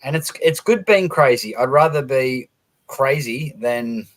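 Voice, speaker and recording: A man's voice: mid-range voice, animated, a little slow. A man chatting casually and joking, teasing about accents. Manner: joking, bright, mimics accents. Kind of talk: casual chat.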